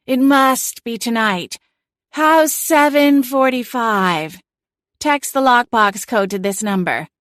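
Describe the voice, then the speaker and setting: A woman voicing a sassy, vain talking female cat in an audiobook, imperious and sharp-tongued. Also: a little high, takes it slowly, no room sound, clean studio sound, pitched above the performer's own voice. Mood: airy put-on. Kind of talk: audiobook character voice.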